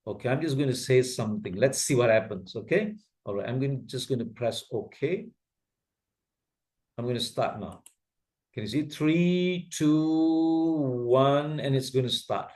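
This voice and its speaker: Speaking at normal speed in a mid-range voice, a man with an Asian English accent walks his class through video-editing software one step at a time. He patiently goes over each step again and frequently asks whether everyone is following.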